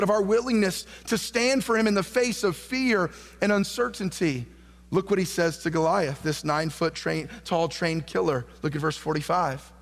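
A male pastor preaching a sermon, reading scripture aloud and calling questions out to the congregation, building to fervent emphasis. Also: sits high. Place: church sanctuary. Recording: long hall reverb.

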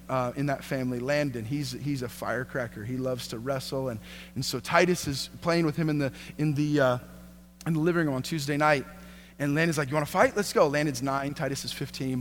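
A middle-aged man preaching a sermon to a congregation, talking with restarts and asking the room questions. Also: medium pitch. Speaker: pastor. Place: church hall. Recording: long hall reverb, faint hum.

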